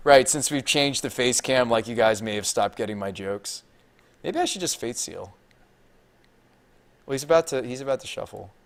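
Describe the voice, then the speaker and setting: Deadpan man streaming a card game. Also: medium pitch. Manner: deadpan, little inflection; thinks aloud, chats with viewers. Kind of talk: live card game commentary.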